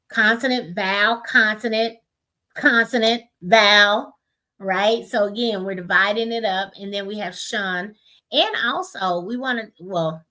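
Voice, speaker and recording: A woman teaching parents how to split long words into syllables, explaining step by step, sounding out words slowly and often checking in with "right?". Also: medium pitch, sharp tone. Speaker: literacy instructor. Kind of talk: parent education webinar.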